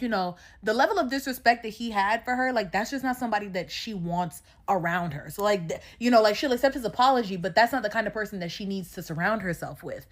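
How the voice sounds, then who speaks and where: A woman giving a chatty, opinionated recap of a reality show, her voice sitting a little high. She talks in a sassy, animated way, swears freely and laughs often. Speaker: recap vlogger.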